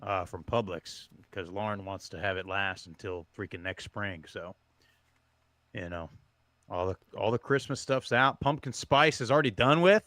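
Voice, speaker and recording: A man's voice: lowish voice, normal speed, bright, forceful tone, no room sound. A man co-hosting a sports podcast, talking in a rambling casual way with many restarts. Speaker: podcast co-host. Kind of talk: casual chat.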